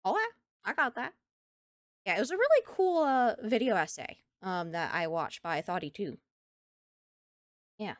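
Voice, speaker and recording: A woman streamer in casual chat from home, animated and laughing often between thoughts. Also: medium pitch, normal speed, pauses often, no echo, studio quality. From United States.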